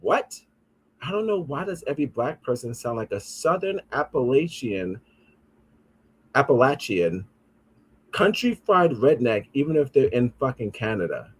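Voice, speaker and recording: A man's voice: mid-range voice, expressive, moderate pace, slightly rough. Male podcast host, mid-range voice, casual comedic riffing, swears freely, reads comments aloud.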